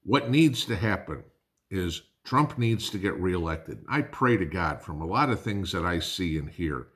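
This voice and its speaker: A man's voice: low-pitched, animated, unhurried, a bit bright. A man hosting a prepping channel, delivering an angry, blunt political rant to his viewers, swearing and calling them guys.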